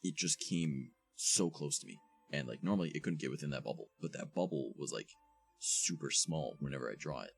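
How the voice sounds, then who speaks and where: A man's voice: extremely low pitch, fairly quick, vocal fry, husky, faint music behind. A young man hosting a live stream, rambling casually, swearing and thanking new followers as he talks. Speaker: streamer host.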